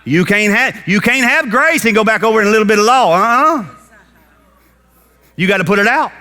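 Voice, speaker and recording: Pastor, male, bright high voice, folksy animated sermon delivery. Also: a little fast. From United States. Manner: animated preacher acting out Bible characters in folksy talk.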